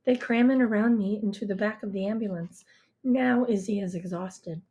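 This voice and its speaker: A woman reading a first-person story in a hushed, intimate way. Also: mid-range voice, moderate pace, dull audio. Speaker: audiobook reader.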